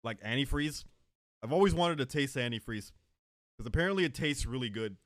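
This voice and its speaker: Animated joking male streamer. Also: mid-range voice, brisk, no echo, studio quality. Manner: joking, animated, talks to chat. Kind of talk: casual live-stream chat.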